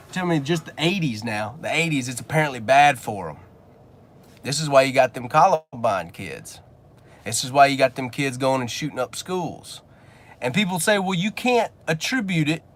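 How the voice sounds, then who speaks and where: A man giving a blunt, preachy motivational rant from his car, swearing casually as he talks to his viewers. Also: medium pitch. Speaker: business coach and channel host.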